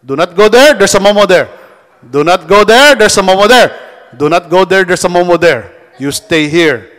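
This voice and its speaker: A bossy uncle barks warnings at a child again and again, as a man puts him on. The voice sits fairly high for a man, and a long church-hall reverb hangs behind it. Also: animated, moderate pace. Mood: scolding. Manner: loud, scolding, repetitive warnings. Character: bossy Filipino uncle scaring kids.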